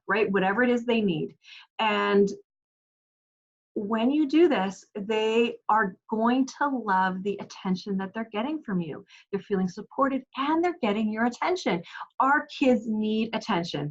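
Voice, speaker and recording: A woman in her forties, a parenting coach, speaks directly to the camera with earnest encouragement, often posing rhetorical questions. Her voice is fairly high-pitched and the sound is lo-fi.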